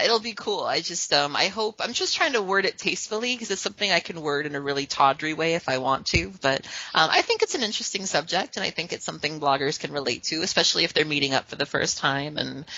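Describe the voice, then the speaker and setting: A woman's voice: low-pitched, pushed and bright, dry recording. A woman co-hosting a podcast, chatting casually and animatedly, laughing often. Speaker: podcast co-host. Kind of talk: casual chat. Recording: dull lo-fi phone-call audio.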